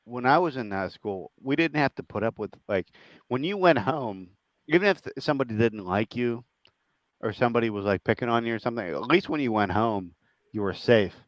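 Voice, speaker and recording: A young adult man on a podcast, asking earnest questions in a halting, searching way, often restarting his sentences. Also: mid-range voice, lively intonation, no echo, poor audio. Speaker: podcast co-host. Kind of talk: casual chat.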